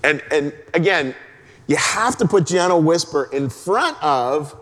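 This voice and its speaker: A man preaching a sermon as a pastor, chatty and conversational, dropping into a soft hush to stress a point. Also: fairly high pitch, very animated, moderate pace. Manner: conversational, drops to a hush for emphasis. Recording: long hall reverb.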